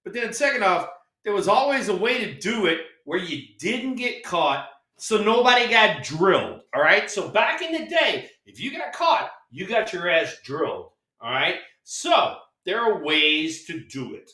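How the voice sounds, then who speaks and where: A middle-aged former ballplayer co-hosts a sports talk podcast, relaxed and laughing as he tells anecdotes tagged with "all right?" check-ins. His high voice is unhurried with few pauses, picked up by a distant mic in an echoey room.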